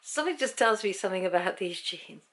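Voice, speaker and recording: A woman's voice: medium pitch, animated, fast, fairly bright tone, a little hiss or hum. A British woman telling a story at home in a casual vlog, chatty and laughing often as she acts out what people said. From Britain. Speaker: vlogger.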